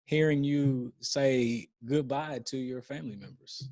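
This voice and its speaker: A man co-hosting a mental health podcast, gently and hesitantly prompting his guest. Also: mid-range voice, measured pace. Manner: soft-spoken, hesitant prompting. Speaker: podcast co-host. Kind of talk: casual interview chat.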